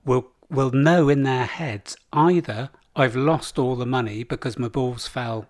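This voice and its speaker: A man in his sixties talks in casual podcast chat. He tells a long, rambling story and slips into voices for the people in it. His voice sits at an average pitch and sounds dry and close. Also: measured pace, no echo. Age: 60s. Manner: rambling storyteller acting out game-show contestants in put-on voices. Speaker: podcast co-host.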